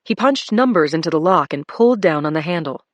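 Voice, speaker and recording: A woman narrating a crime thriller in a low, steady voice. Her delivery is measured and even. The recording is dry and close. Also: dry recording. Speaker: audiobook narrator. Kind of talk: scripted first-person thriller narration.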